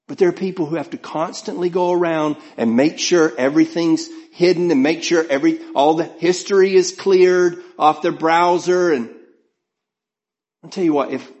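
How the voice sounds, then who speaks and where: Middle-aged male pastor, earnest conversational sermon delivery, slightly high-pitched. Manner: earnest, conversational preaching with frequent restarts.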